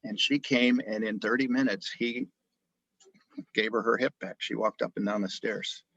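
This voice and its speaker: Husky-voiced physician telling a story. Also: male voice, lowish voice, moderate pace, dry recording, dull audio. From grew up in Japan. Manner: animated storyteller, frequent restarts. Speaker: osteopathic family physician. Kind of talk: storytelling interview.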